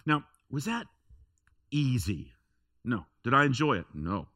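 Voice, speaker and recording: A man's voice: medium pitch, big pitch swings, unhurried, sharp tone, dry recording, studio quality. A man preaching a sermon in a church, telling a personal story in a conversational way with emphatic repetition. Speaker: pastor.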